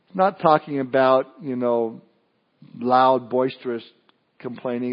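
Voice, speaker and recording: A man's voice: medium pitch, steady tone, normal speed, highs cut off. A male pastor preaching a sermon in a conversational way, often restarting and adding asides.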